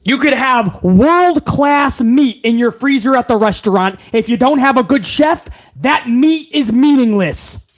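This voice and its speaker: A man hosting a live wrestling commentary stream, ranting in an exasperated, profane, animated way. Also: very high-pitched, unhurried.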